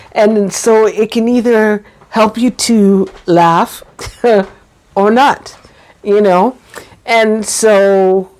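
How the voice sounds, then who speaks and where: A woman in plain, unhurried personal talk, speaking slowly at a middle pitch. She is chatty and laughs often, slipping into quoted lines of what others said. Her voice turns teary and weepy at times. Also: a little mellow. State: getting teary. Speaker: channel host sharing her experience.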